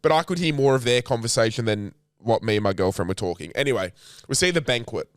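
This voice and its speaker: Young aussie bloke ranting through a story, swears a lot, dry close sound. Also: male voice, mid-range voice, fast talker, clear, resonant tone, no echo. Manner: animated, swears often, acts out what others said. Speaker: podcast co-host. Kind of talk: casual storytelling chat.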